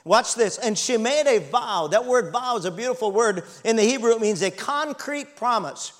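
High-voiced man preaching a sermon. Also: lively intonation, moderate pace, hardly any pauses. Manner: preaching with call-and-response and dramatic Bible reading. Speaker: pastor.

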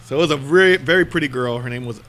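A man's voice: medium pitch, racing, fairly bright tone. A man telling a personal story in a casual group chat, laughing often between sentences.

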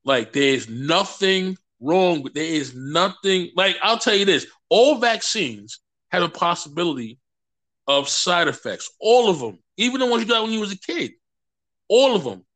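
A man's voice: sits high, moderate pace. A man as a podcast guest, animatedly telling stories and acting out what people said. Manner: animated storyteller acting out quotes. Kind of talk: casual conversation.

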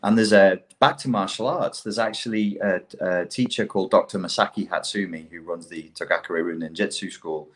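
A middle-aged man in casual conversation, talking in an animated, profane way and acting out quotes as he tells stories. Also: low voice, brisk, few pauses.

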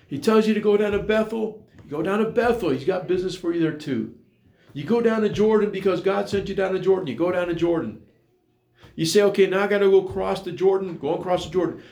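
A man with a high-pitched, creaky, somewhat mellow voice preaches fast in an echoey room. His sermon is earnest and repetitive, full of rhetorical questions.

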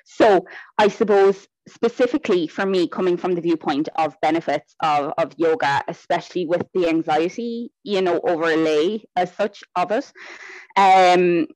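A woman, a guest in a casual interview, chatting in a lively way that drifts off on tangents. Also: fairly low pitch, normal speed, no room sound, rough recording. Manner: chatty, goes off on tangents, animated.

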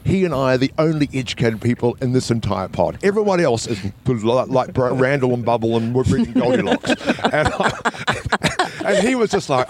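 A man with a New Zealand accent tells a story in a very lively voice that swoops widely, mid-pitched. He slips into the voices of the people he quotes and restarts his sentences often. A faint hiss sits under the recording. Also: brisk. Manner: animated, acts out quoted voices, frequent restarts. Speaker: guest. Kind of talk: casual storytelling.

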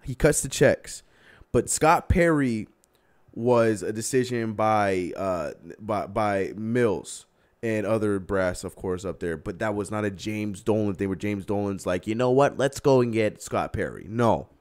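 Brief: young male stream host, lower voice, heated casual sports rant with laughs. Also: a little slow, a little mellow. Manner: heated, ranting, laughing at himself. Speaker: livestream host. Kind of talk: casual sports talk livestream.

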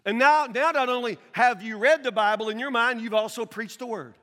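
A man preaching a sermon as pastor, earnest, with stammering restarts, swinging from loud to hushed. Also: very high-pitched, fairly quick, long reverb tail.

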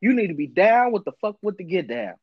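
A man hosting a podcast, telling a story in loose, profane chat. His pitch swings widely as he acts out the people he quotes. The sound is dry, a little dull and lo-fi. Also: sing-song, a little fast, breathy edge, no room sound. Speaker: podcast host.

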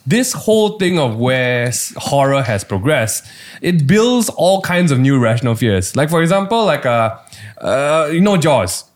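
A man chatting casually on a podcast, his pitch swooping up and down as he talks. He rambles and restarts, full of fillers. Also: moderate pace. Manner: animated, rambling, lots of fillers. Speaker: podcast co-host. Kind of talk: casual chat.

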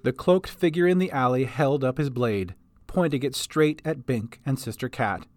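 A man narrating his homemade audio story, lively and scripted. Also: mid-range voice, normal speed, faint music behind. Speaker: podcast storyteller. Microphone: home recording setup.

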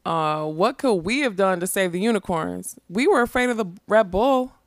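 A woman's voice: mid-range voice, animated, normal speed, dry recording, studio quality, close to an everyday voice. A woman voicing a spirited middle-aged townswoman who pleads her case. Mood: pleading.

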